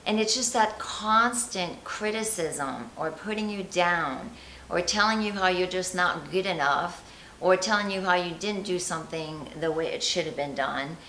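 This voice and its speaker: A woman with a bright, lowish voice gives confidence advice straight to camera in a chatty, lively way. The room sounds echoey, with a faint hiss under her voice. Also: unhurried. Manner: chatty and animated, speaking straight to the viewer. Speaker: confidence coach. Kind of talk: motivational vlog talk.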